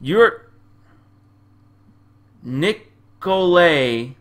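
Young male gamer, mid-pitched and bright, crude trash-talking commentary. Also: animated, normal speed, long pauses. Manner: loud, crude trash talk at game characters; slangy, repeats himself. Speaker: gamer playing a game. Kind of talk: profane casual gameplay commentary.

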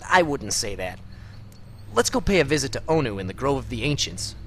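A rude, boastful night elf rogue in a comedy radio play, voiced by a man who puts on a deliberately bad Scottish accent. His voice swings high and low and keeps breaking into proud shouts. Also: big pitch swings, a little hiss or hum.

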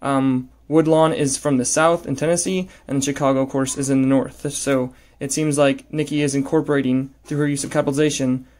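A man's voice: mid-range voice, flat delivery, a little fast, few pauses, darkish tone. A man teaching a lesson on a poem, talking hesitantly with many fillers and restarts while he annotates it.

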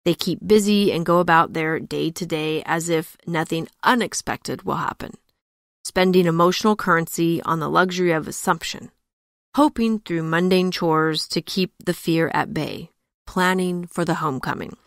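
A woman hosting a storytelling podcast, narrating and commenting in a measured, reflective way. Her voice is low and gravelly, recorded close and dry. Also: dry recording.

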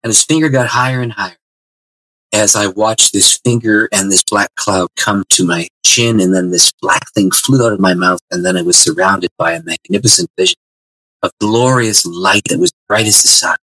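A man with a bright, husky voice tells his testimony, animated and stumbling over restarts as he goes. The delivery is lower-pitched, and the sound is dry and close. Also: normal speed, no room sound, rough recording. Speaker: guest author. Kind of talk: interview storytelling.

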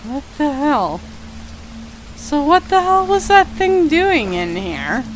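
Over a steady patter of rain, a woman streams a game live, her high voice unhurried as she chats with viewers and yelps "no" again and again in panic. She's animated and talkative, and the recording quality is low.

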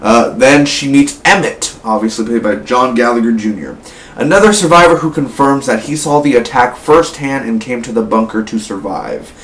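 An eighteen-year-old man giving a casual, rambling spoiler review of a film. He gets excited and keeps tossing in "man" and "like". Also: mid-range voice, moderate pace. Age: late teens. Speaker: movie reviewer. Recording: echoey room, mic at a distance, faint hum.

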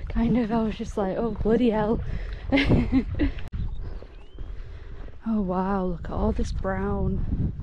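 A woman of medium pitch talks casually to camera while hiking solo on a moorland trail outdoors, panting as she goes. She's giddy and gushing, laughing frequently, and there's background noise.

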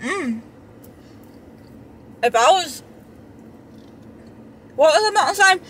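A woman's voice: very high-pitched, lively intonation, takes it slowly, a bit bright, a little hiss or hum. A young woman chatting casually to her camera from inside her car, chatty and self-deprecating, with lots of fillers. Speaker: vlogger. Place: inside a parked car in a drive-thru line. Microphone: handheld camera close up.

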